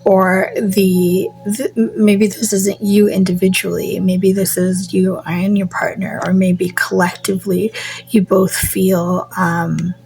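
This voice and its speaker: Woman, tarot reader, unhurried musing, soft half-whispers, fillers and repeats, mid-pitched. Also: flat delivery, gravelly, slight background noise, low-quality recording. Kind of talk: casual tarot card reading.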